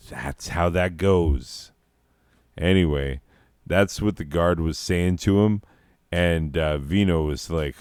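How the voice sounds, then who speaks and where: A man narrating a comic story in a deadpan, profane, self-mocking way, breaking off into rants. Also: deep voice, slow, clean tone, dry recording, studio quality. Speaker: comedic narrator.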